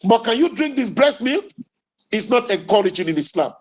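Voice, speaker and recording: A man giving a religious lecture as an Islamic preacher, deliberate and emphatic, quoting Arabic sayings and repeating key lines. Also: very high-pitched, big pitch swings, breathy edge, rough recording. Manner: quotes Arabic sayings then explains them.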